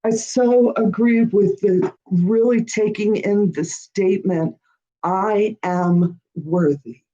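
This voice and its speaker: A woman's voice: medium pitch, warm tone, dull audio. A woman hosting a live-stream Q&A who reads out viewer comments and talks in a chatty, encouraging way, often checking in with "all right?". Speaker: host of a witchcraft channel.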